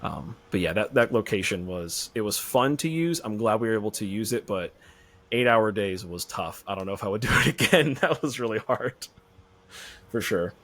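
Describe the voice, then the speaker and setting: Man, deep-ish voice, podcast guest, casual, rambling, easygoing. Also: normal speed. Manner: relaxed, rambling storytelling. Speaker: filmmaker guest.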